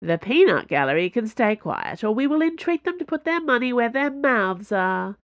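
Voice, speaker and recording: A woman's voice: on the high side, very animated, normal speed, no room sound, voice pushed up. A woman voicing a smug, flirtatious swordswoman, with a teasing manner. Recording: dull lo-fi dry recording.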